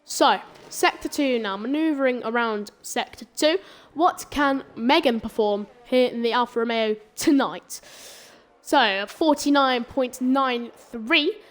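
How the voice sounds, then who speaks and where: A woman with a fairly high voice and slow pace commentates live on a sim racing qualifying session. Her esports commentary is chatty and rambling, and she often stumbles and corrects herself.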